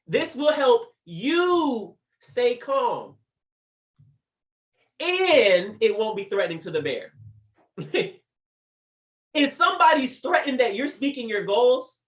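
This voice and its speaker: A man's voice: very high-pitched, very animated, a little slow, long pauses, reverberant. A man giving a faith-based motivational talk on a livestream, playful and laughing often as he acts out little scenes. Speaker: motivational speaker.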